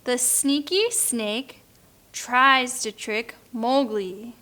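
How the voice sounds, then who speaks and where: A woman teacher reading a picture book aloud slowly and clearly for beginner learners, now and then making playful animal sounds. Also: a little high, bright, forceful tone.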